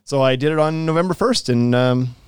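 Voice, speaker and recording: A man's voice: medium pitch, brisk, clear, resonant tone, no room sound, studio quality. A man hosting a podcast in casual chat, joking and ranting with a laugh. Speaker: podcast host.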